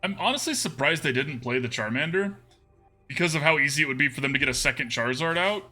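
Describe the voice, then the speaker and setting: A man commentates his own card game on a live stream, talking casually and reading out chat. His voice sits a little high and very bright, and it bounces around with a lot of pitch movement. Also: animated, fast, faint music behind. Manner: chatty, answers chat, laughs often.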